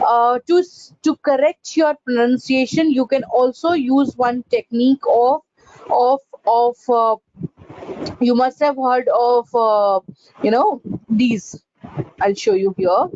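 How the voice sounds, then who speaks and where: A high-voiced woman teaches a pronunciation lesson at an unhurried pace, her tone soft and mellow. She stops and restarts often and repeats each corrected word in a measured drill. The sound is dull and lo-fi. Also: no echo. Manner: halting, repeats words with many fillers; drills corrections in a slow contrasting pattern. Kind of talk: online class lesson.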